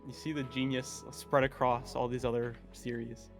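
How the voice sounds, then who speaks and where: A man's voice: mid-range voice, level tone, moderate pace, soft background music. A man as a guest in casual stream chat, easygoing and agreeable, often hesitant. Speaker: guest co-host.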